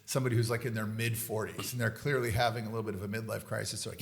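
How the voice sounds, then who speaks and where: Gravelly-voiced man hosting a podcast. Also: lowish voice, racing. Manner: relaxed, joking interviewer. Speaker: podcast host. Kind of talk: casual podcast conversation.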